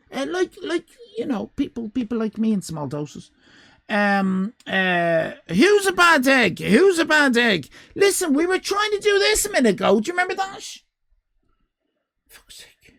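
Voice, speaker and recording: A woman's voice: mid-range voice, creaky, dry recording. An Irish woman hosting a live stream, chatting casually with viewers in cheeky, rambling banter and frequent swearing. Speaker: livestream host.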